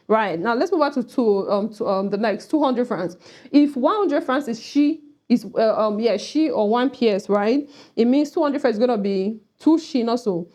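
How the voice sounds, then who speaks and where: Warm, slightly high woman, chatty vlog teacher. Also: normal speed. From Cameroon. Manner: chatty, often asks "right?", "you know". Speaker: language teacher vlogger. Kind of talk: casual teaching to camera.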